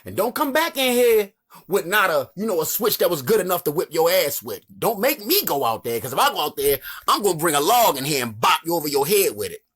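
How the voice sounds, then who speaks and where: A man's voice: on the high side, big pitch swings, brisk, fairly bright tone, breathy edge, heavily acted. A man voicing a stern old grandmother, bluntly scolding her grandson. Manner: blunt, bossy and threatening.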